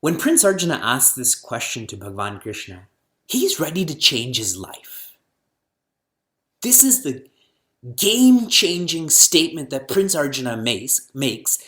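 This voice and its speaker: A middle-aged man, a spiritual teacher, lecturing on scripture to an audience, firing rhetorical questions and chanting verses slowly. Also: fairly high pitch, sing-song, fairly bright tone.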